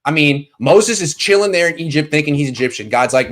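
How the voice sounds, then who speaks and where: A man's voice: on the high side, expressive, fast talker, hardly any pauses. Joking man hosting a call-in show. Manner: joking, rambling storytelling. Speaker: podcast host taking calls. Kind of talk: casual call-in chat.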